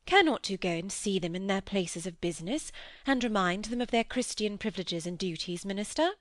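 A woman's voice: medium pitch, lively intonation, fairly quick, a bit bright, no room sound, lightly acted. A woman voicing a plainspoken, homely middle-aged farm wife who talks bluntly.

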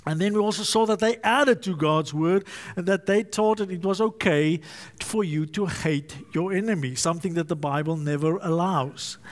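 A man's voice: high-pitched, moderate pace. A male pastor preaching a sermon, emphatic and fond of repetition and alliteration.

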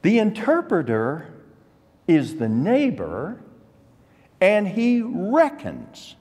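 An older man teaching an adult Bible class, deliberate and emphatic, leaning hard on key words. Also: high voice, wildly swooping pitch, a little mellow, breathy edge. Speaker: Sunday school teacher. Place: church classroom. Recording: long reverb of a church hall.

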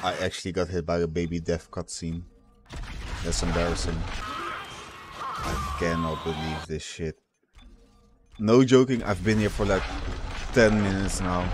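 A man's voice: deep voice, fairly even intonation, unhurried, long pauses. A man commentating his video game playthrough, swearing often and getting frustrated as he fights. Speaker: gaming YouTuber. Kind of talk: let's play commentary. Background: video game music.

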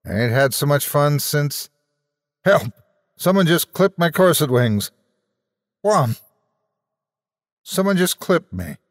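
A man's voice: mid-range voice, expressive, measured pace, gravelly. A frantic male announcer rattles off a losing battle in breathless radio patter , as a man puts him on. The patter stays jaunty while disaster piles up. His dry, close voice is trailed by a long reverb. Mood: frantic commentary.

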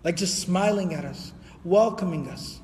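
A man giving an Islamic history lecture, telling the story in a lively way and quoting Arabic before translating it. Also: sits high, moderate pace, in a large hall, slight background noise.

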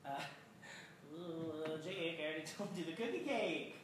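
A young man in a live comedy sketch, out of breath, rushed and apologetic. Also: a little high, crowd noise. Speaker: sketch performer. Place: small stage before a live audience. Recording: echoey room, far-off noisy mic.

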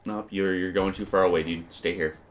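A man's voice: sits low, fairly even intonation, brisk. Stuffy-nosed young man with a cold. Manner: profane, irritated, rambling. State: congested with a cold. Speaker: gaming video creator. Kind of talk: casual gameplay commentary.

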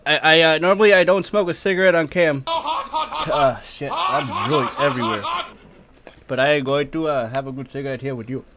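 A man's voice: a little high, sing-song, moderate pace, background noise. Guy on a stream, teary and drooly, coughing and cursing, talking loose and casual at his desk. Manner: pained, coughing and spitting, cursing freely. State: drooling, tearing up, sniffly. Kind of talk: casual live-stream chat.

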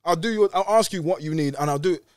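A young man telling a story in a casual podcast chat, animated and slangy, acting out dialogue. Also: fairly high pitch, fast talker, dry recording, clean studio sound. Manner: animated, slangy, says "bruv" constantly, acts out dialogue. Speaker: podcast guest.

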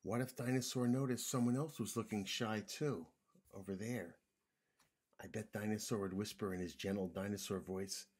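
Husky man reading a kids' book. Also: lowish voice, moderate pace. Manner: gentle, expressive, with drops to a whisper. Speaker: children's book reader. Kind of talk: reading a picture book aloud to children.

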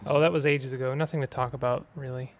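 A man's voice: mid-range voice, fairly even intonation, quick pace, close to an everyday voice. A man voicing a charming, theatrical male sidekick locked in a cage, speaking in a wry, courtly way. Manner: wry, courtly, self-amused.

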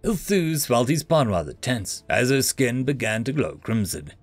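A man narrating a science-fiction story in an expressive reading style. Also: mid-range voice, moderate pace, no room sound, faint music behind.

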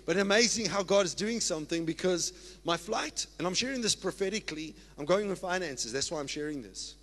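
Excitable South African pastor preaching. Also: male voice, fairly high pitch, a little fast. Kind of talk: sermon. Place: church. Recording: long reverb of a church hall.

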